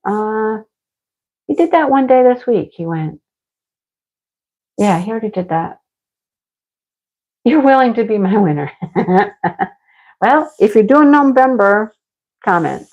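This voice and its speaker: A woman's voice: a little high, very animated, takes it slowly, long pauses, a little mellow. A middle-aged woman hosting a craft livestream, chatting casually and answering viewer comments, rambling, laughing often and turning a little snarky. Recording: dull lo-fi home stream audio.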